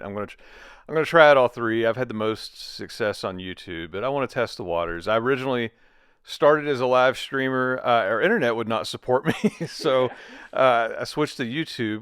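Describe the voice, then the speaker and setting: A middle-aged man with a thick Southern American accent chats casually as co-host, joking and laughing easily. His voice is fairly low and smooth. It is recorded close and dry. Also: a bit bright, dry recording. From Virginia. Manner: laid-back, joking, laughs often. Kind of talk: casual chat.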